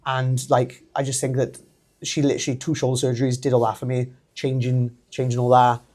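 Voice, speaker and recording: A man in his thirties with a Welsh accent, a wrestler telling his story as a podcast guest, animated and laughing often. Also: mid-range voice, brisk. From Wales. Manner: animated, laughs often, acts out quoted voices. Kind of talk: casual storytelling interview.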